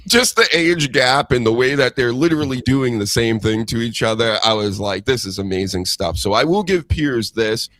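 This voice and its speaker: A man co-hosting a podcast, chatting casually in an animated, rambling way and laughing easily. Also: medium pitch, moderate pace, few pauses, no echo. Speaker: podcast co-host. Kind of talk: casual chat.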